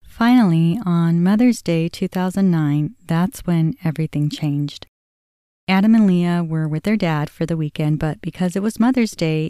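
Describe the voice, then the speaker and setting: A woman in her forties tells a personal family story on her own podcast, speaking in a low, mellow voice. She talks candidly and conversationally, full of "you know" asides, and acts out the dialogue she recalls. The recording is close and dry. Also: clear, resonant tone, dry recording. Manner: many "you know" fillers. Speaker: podcast host.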